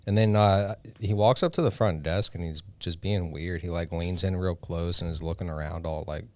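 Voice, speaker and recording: A man's voice: low-pitched, fairly even intonation, normal speed, darkish tone. A man who works as a body piercer, telling a story in a laid-back, dry way in a casual podcast chat.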